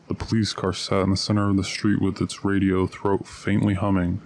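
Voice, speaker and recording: Casting: male audiobook narrator, very low and even, measured reading.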